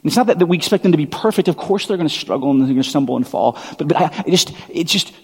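A man in his thirties preaching a sermon, telling stories in a conversational, animated way with quick asides. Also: on the high side, slightly rough. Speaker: pastor. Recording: long hall reverb.

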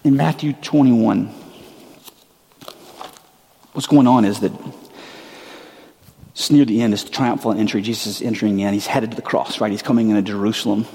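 A man's voice: on the low side, fairly even intonation, moderate pace, pauses often, warm tone, big-room sound. A man preaching a sermon in a casual, conversational way, with slang and frequent restarts. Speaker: pastor.

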